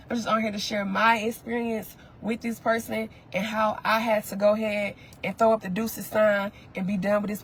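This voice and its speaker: A woman's voice: medium pitch, a little hiss or hum, poor audio. A pregnant woman talking straight to her viewers in an emotional vlog, repeating lines for emphasis. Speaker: content creator.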